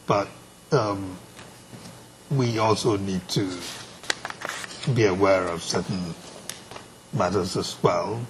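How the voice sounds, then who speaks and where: A man presiding over a trial, speaking in a measured, deliberate way with pauses and restarts. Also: deep voice, low-quality recording. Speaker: presiding judge. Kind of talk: courtroom proceedings. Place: courtroom. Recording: courtroom feed with clear background noise.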